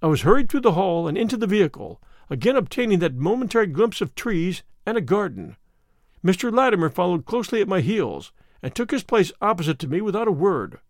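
A man narrating a classic story in the first person as an audiobook reader, in a measured and vivid way. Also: sits high, sing-song, no echo, studio quality.

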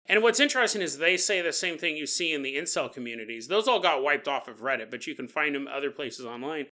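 A man's voice: fairly high pitch, expressive, fast, pushed and bright. A man hosting a solo podcast in a casual monologue, laughing often and acting out the people he quotes. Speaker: podcast host.

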